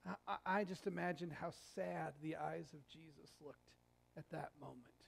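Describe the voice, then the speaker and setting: A male pastor giving a sermon in a conversational, animated storytelling way with jokes. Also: on the high side, moderate pace, vocal fry. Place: church sanctuary.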